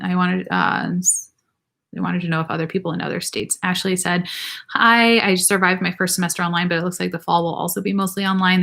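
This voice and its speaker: A woman's voice: on the low side, creaky. A young woman hosting a casual livestream Q&A as a nurse practitioner, chatty and rambling with many fillers, reading viewer comments aloud.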